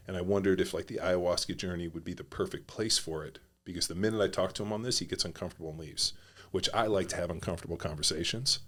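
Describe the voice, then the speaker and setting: A man's voice: sits low, fairly even intonation, quick pace, fairly bright tone. A middle-aged man, a former pro football player, telling stories as a podcast guest in a rambling, blunt and profane way. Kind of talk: casual conversational storytelling.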